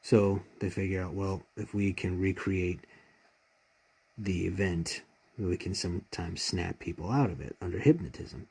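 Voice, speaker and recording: A man's voice: unhurried, a little mellow. A man retelling a favorite TV episode in casual fan commentary, heartfelt and rambling, choked up with emotion. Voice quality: deep gravelly husky voice.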